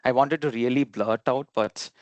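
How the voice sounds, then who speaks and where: A man's voice: medium pitch, moderate pace, a little mellow, no room sound, highs cut off. A man from India, giving a talk to an audience and telling humorous personal stories, now and then chuckling and acting out quotes.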